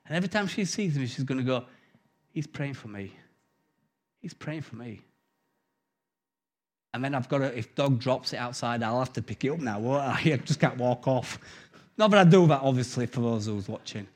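A middle-aged man preaching an informal sermon, telling stories with big swings from loud to hushed. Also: mid-range voice, expressive, quick pace.

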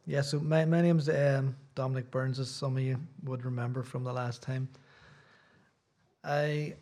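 Middle-aged Irish preacher, chatty and rambling, mid-pitched male voice, church talk. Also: flat delivery, a little slow, darkish tone. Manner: rambling, self-deprecating, chatty asides. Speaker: visiting preacher. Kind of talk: sermon with casual chat.

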